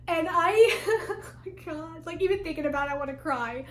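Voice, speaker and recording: A young woman vlogger telling a story in a casual, animated way, acting out quotes and saying "like" a lot. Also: extremely high pitch, a little fast, few pauses, slight background noise. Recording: roomy echo with faint music.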